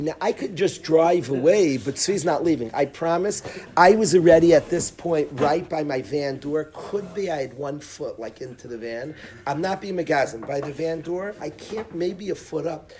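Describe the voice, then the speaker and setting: Lively rabbi telling a story to students. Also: male voice, on the high side, normal speed. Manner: lively, laughs mid-story, restarts and asides. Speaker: rabbi giving a class.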